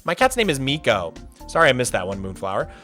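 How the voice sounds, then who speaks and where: A man's voice: medium pitch, wildly swooping pitch, fast, bright, forceful tone, soft background music. A man streaming a game, chatting casually, answering viewer questions and thanking donors as they come in. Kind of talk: casual livestream chat.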